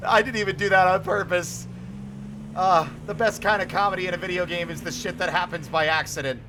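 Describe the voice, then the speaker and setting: A man's voice: sits high, fairly even intonation, a little fast. A man giving playful, rambling commentary while streaming a game, swearing and making up silly stories. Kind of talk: casual gameplay commentary. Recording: noisy with game car sounds.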